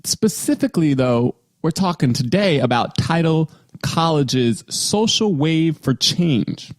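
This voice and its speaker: A man's voice: fairly high pitch, animated, slow. A man co-hosting a podcast, joking and teasing while he reads a sponsor spot in casual banter. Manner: laughing, teasing, playful. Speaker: podcast co-host.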